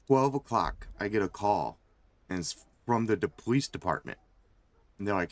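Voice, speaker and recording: A man's voice: fairly low pitch, lively intonation, normal speed, no room sound. A male streamer telling a casual, rambling story full of swearing and fillers. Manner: rambling, profane, lots of fillers.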